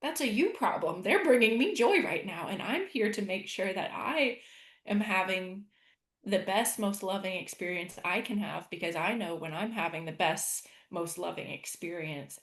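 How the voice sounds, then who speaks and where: Woman life coach, podcast guest; earnest, lively delivery, lower pitch, echoey room. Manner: earnest, animated, acts out her inner voice. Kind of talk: podcast conversation.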